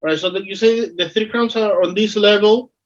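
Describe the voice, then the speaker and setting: A man's voice: sits high, fairly even intonation, moderate pace. A man playing a tabletop game, asking eager questions in a casual way. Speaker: player. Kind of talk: in-character tabletop play. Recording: dull lo-fi recording.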